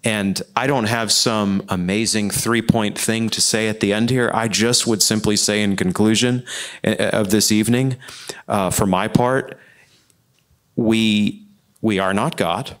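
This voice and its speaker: Brief: man, lowish voice, earnest panelist at a church Q&A, impassioned, restarts and repeats phrases. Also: steady tone, unhurried.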